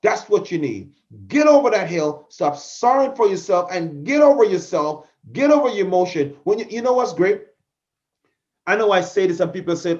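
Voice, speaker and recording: A middle-aged man delivers a fervent motivational talk, urging listeners on and repeating his key phrases. His voice sits a little high for a man. The podcast audio is dull and lo-fi. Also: normal speed. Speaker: podcast host, motivational speaker.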